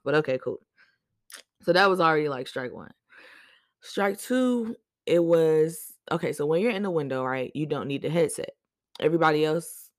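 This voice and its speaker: A woman hosting a podcast, telling stories in a chatty, animated way with slang and lots of fillers. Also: sits low, no room sound, clean studio sound. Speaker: podcast host. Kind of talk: casual storytelling chat.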